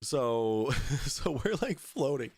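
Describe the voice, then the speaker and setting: A man's voice: mid-range voice, big pitch swings, slow. A man hosting a podcast, telling a story in a casual, profane way, often laughing through it. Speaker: podcast host.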